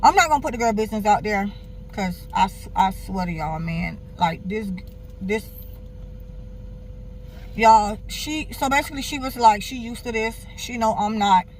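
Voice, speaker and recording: A young woman talks straight to her viewers, candid and animated, her speech loose and full of asides. Her voice sits at an ordinary middle pitch. Faint traffic noise hums behind her. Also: moderate pace. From Miami, Florida. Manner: animated, candid, swears freely, keeps addressing viewers. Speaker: vlogger. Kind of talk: casual personal storytelling.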